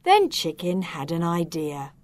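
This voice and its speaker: A woman reading a children's story aloud, slow, expressive and clearly enunciated. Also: on the low side.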